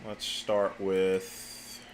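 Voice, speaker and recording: Slow-talking man muttering at his desk. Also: low-pitched, monotone, slight background noise. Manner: mutters to himself, curses in frustration. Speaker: livestreamer. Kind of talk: casual livestream talk while working.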